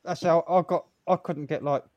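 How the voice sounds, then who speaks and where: A man's voice: fairly high pitch, fairly even intonation, normal speed, a little mellow, no echo. An English man, a music teacher, talking bluntly and down-to-earth in a casual chat.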